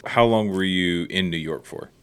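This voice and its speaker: A man's voice: deep voice, fairly bright tone, clean tone. A man co-hosting a podcast in casual chat, mostly giving short agreements and laughs. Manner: short backchannels, quick to laugh. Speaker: podcast co-host.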